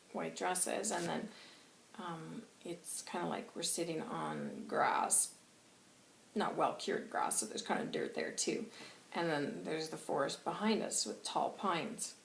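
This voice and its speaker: A woman's voice: fairly low pitch, measured pace, creaky. A woman channeller chatting through a monthly reading, rambling and laughing as she goes. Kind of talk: casual spoken reading. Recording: roomy with faint hiss.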